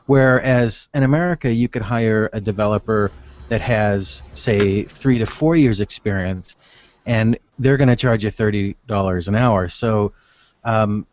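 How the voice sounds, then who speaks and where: A lower-pitched man talks through his experience in a loose, rambling manner, often restarting his sentences. The sound is dry and close, with no room around it. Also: a little mellow, no echo. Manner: rambling, thinks aloud with restarts. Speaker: podcast guest. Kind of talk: casual conversational advice.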